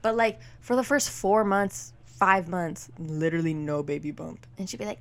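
A woman's voice: fairly low pitch, moderate pace. A young woman co-hosting a casual podcast chat, opinionated and full of fillers. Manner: chatty, opinionated, filler-heavy. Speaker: podcast co-host.

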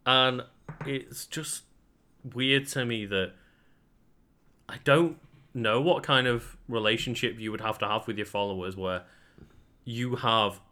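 A man's voice: mid-range voice, takes it slowly, pauses often, pushed and bright. A man co-hosting a podcast, thinking aloud in casual chat, hesitant and repeating words. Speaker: podcast co-host.

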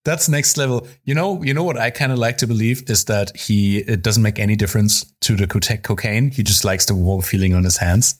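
A chef and podcast co-host, this man tells his story in a low, relaxed register. He laughs often and swears casually as he goes. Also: a little fast, few pauses, husky.

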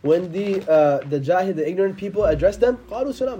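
A man giving a casual, slangy religious talk, animated and quick to quote Arabic scripture. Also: high-pitched, a little hiss or hum.

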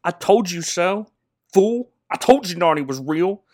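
A man's voice: high voice, animated, a little slow, a little mellow, dry recording, clean studio sound. A man voicing a smug, bratty young girl in a taunting, offhand way.

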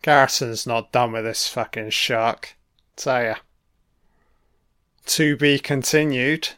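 A man talks over a film in a laid-back, unhurried way, dropping frequent swear words between his remarks. His voice is smooth and clear, sitting at an ordinary middle pitch. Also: pushed and bright. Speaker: film commentary host. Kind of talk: casual audio commentary over a film.

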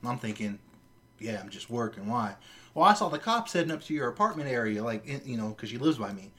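A man co-hosting a casual podcast, telling a story in a lively, profane way. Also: medium pitch, fast. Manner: animated storyteller, swears freely. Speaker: podcast co-host.

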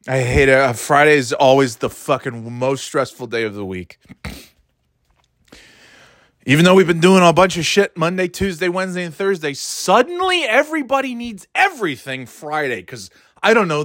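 A man's voice: a little high, fairly bright tone, no room sound. Profane, sarcastic man on a dry mic. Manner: frequent restarts and stumbles. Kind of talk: rambling casual rant.

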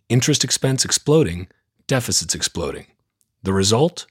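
A man's voice: lowish voice, animated, normal speed, slightly rough. A man hosting a news roundup podcast, reading from a script in a blunt, sarcastic, opinionated way. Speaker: podcast host.

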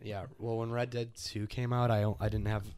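A man's voice: fairly low pitch, level tone, moderate pace, a little mellow, a little hiss or hum. A man co-hosting a casual podcast, telling rambling stories and laughing often. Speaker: podcast co-host. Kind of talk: casual chat.

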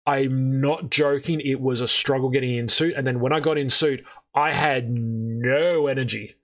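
A man's voice: medium pitch, moderate pace. A man telling a story on a podcast, swearing freely and acting out what people said. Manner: swearing, animated, acts out quoted voices. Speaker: podcast co-host. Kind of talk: casual storytelling chat.

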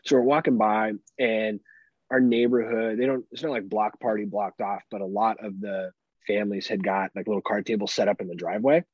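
A man's voice: lowish voice, fairly even intonation, brisk, slightly rough, dry recording, dull audio. A man in his thirties, a podcast co-host, chatting casually and laid-back, swearing and laughing often. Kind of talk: casual chat.

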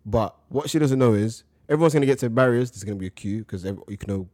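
A young man recounting everyday run-ins with vivid, rhythmic repetition. His voice is mid-pitched, and the sound is dry and close, with no room behind it. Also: fast talker, a little mellow, no echo. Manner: vivid storyteller, repeats words for rhythm. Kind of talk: casual storytelling chat.

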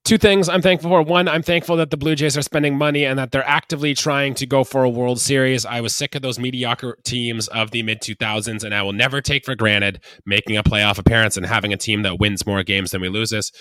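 A man's voice: medium pitch, fairly even intonation, brisk, few pauses, sharp tone, dry recording. A Canadian man hosting a sports podcast, upbeat and chatty, steering topics and quizzing his co-host. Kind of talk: casual sports podcast chat.

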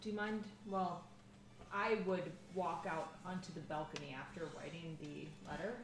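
A woman's voice: lowish voice, fairly even intonation, normal speed. A woman playing in a tabletop game, describing her actions in a matter-of-fact way. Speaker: player. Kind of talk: casual game table chat. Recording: echoey room, distant from mic, music.

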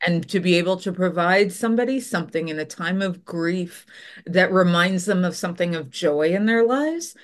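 A woman's voice: lowish voice, moderate pace. A woman from Canada, a potter, telling stories in a casual interview and acting out the voices of people she quotes. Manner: animated storyteller, acts out quoted voices.

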